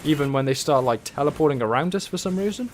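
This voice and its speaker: A man's voice: on the high side, lively intonation, quick pace, a little hiss or hum. A man streaming a game, giving casual, wry, rambling commentary as he plays and talks to himself. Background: faint game music.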